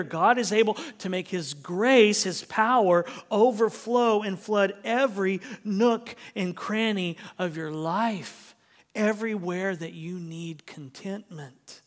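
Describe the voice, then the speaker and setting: A man preaching a sermon as pastor, swinging from hushed, near-whispered lines to loud, emphatic ones. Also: high voice. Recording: long hall reverb.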